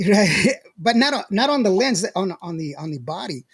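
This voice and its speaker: A man's voice: sits high, sing-song, moderate pace, husky, dry recording, studio quality. A man hosting a podcast in casual chat, rambling and laughing often as he reads out live comments. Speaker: podcast host.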